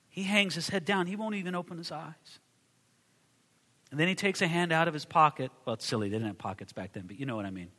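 A man preaching a sermon in a church, animated, moving from booming lines to hushed ones and acting out the people he quotes. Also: long reverb tail. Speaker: pastor.

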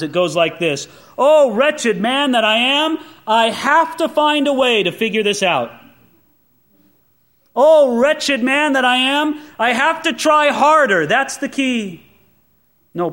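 High-voiced man preaching a sermon. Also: a bit bright. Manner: earnest preaching, slows and stresses for scripture quotes. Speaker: pastor.

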